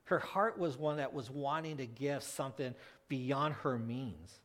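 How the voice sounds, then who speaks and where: A man preaching a conversational sermon, animated, asking his listeners questions and acting out the people in the story. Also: medium pitch, unhurried. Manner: animated, asks the congregation questions; acts out quoted voices, with frequent restarts.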